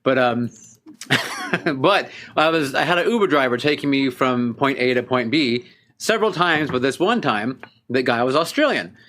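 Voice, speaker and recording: A man's voice: mid-range voice, animated, normal speed, a bit bright, a little hiss or hum. A man co-hosting a podcast, telling stories in a chatty way and laughing often. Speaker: podcast co-host. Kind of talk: casual chat.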